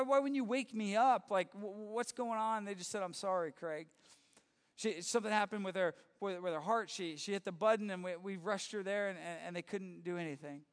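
A man, a youth pastor, telling a personal story in a conversational, halting way, often restarting and acting out the quoted dialogue. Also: high-pitched, a bit bright. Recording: reverberant hall.

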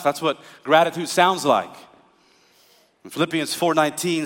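Animated male pastor in echoing church. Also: on the high side, normal speed. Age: middle-aged. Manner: animated, builds to shouted praise. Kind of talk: sermon. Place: church auditorium. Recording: reverberant church hall.

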